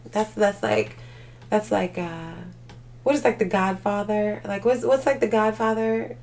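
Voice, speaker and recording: A tired woman hosts a casual livestream, chatting with her viewers in a rambling way packed with filler words and laughter. Her voice sits at a medium pitch with a darkish tone, and she talks at a measured pace.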